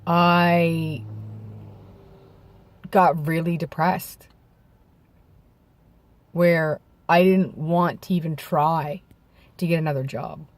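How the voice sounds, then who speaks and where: A man with a gravelly voice worn by vocal nodes, a bit hoarse from throat clearing, talking candidly to camera outdoors in a reflective, halting way. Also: a little high, flat delivery, no echo. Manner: reflective and halting, with restarts and self-corrections. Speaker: vlogger. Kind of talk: candid personal talk to camera. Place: outdoors in bright daylight.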